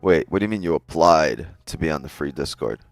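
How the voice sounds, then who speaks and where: A man's voice: extremely low pitch, lively intonation, brisk, vocal fry, dry recording, faint music behind. A man hosting a casual trading live stream, talking straight to his chat in a loose, joking way and swearing often.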